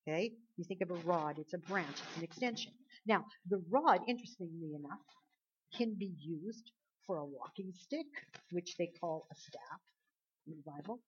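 A woman preaching a sermon with animated delivery, rising to loud emphasis and dropping to near quiet. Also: mid-range voice, slightly rough. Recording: dull lo-fi recording.

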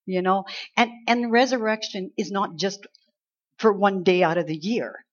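A woman preaching a conversational Easter sermon, acting out quoted lines with lively emphasis. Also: mid-range voice, a little slow. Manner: conversational, animated, acts out angels' lines. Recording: slightly dull lo-fi sound.

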